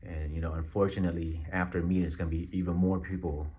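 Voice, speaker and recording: Low-voiced man in a laid-back vlog. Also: level tone, mellow. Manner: laid-back, slangy, halting with many fillers. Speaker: vlogger. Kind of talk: casual direct-to-camera update.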